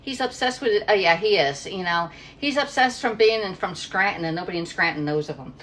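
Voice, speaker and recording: A woman's voice: medium pitch, animated, fairly quick, a bit bright, a little hiss or hum. A middle-aged woman from Pennsylvania chatting casually while cooking in her home kitchen, rambling and reading viewer comments aloud. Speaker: livestream cooking host.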